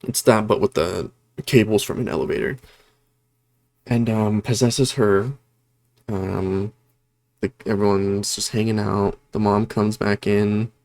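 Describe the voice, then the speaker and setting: A man's voice: lowish voice, level tone, a little slow, gravelly, long pauses, darkish tone. A man casually recapping a horror movie plot for his review channel, rambling with lots of fillers and self-corrections. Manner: self-correcting, apologetic about disorganization. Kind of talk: casual spoken film review.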